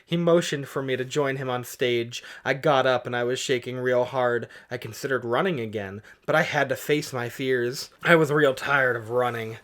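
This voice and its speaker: A man's voice: medium pitch, normal speed, few pauses, a bit bright. A man co-hosting a radio show, reading fan fiction aloud with comic asides and amused laughter.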